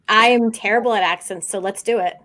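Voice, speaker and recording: A woman guesting on a podcast, playful and excitable in casual chat. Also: mid-range voice, fast talker.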